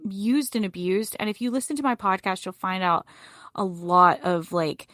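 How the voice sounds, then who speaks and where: A middle-aged woman telling a personal story as a podcast guest, vivid and animated. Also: medium pitch, moderate pace, no echo, studio quality.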